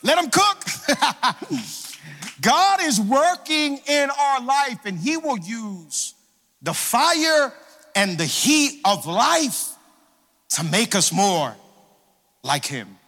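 A male pastor preaching in a church sanctuary, his high voice rising into a rhythmic, sing-song cadence. He calls out to the congregation for responses. His bright tone rings through a long hall reverb. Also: very animated, drawn-out words, long pauses. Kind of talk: sermon.

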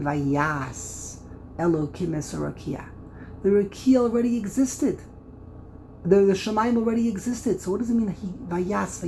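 A man teaching a Bible lesson on commentaries, thinking aloud, repeating words as he explains and sounding out syllables with loud stress. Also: high voice, gravelly, a little hiss or hum, low-quality recording. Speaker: Torah teacher.

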